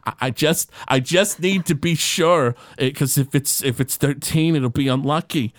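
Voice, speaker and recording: A man's voice: fairly high pitch, moderate pace, no room sound, voice pushed up, lightly acted. Man doing a jittery stammering gnome. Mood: fretful. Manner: stammering, anxious, superstitious. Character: nervous fussy male gnome shoemaker.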